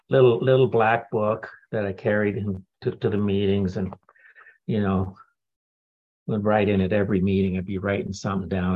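Man, husky voice, candid testimony talk with dry humor. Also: low-pitched, highs cut off. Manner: candid, wry storytelling with laughs. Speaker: speaker sharing a recovery story.

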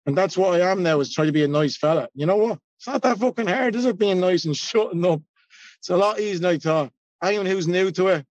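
A man's voice: on the high side, a little mellow, no echo, lo-fi sound. An Irish man in his forties giving a blunt, self-mocking personal share at a recovery meeting, swearing freely. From Ireland. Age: 40s.

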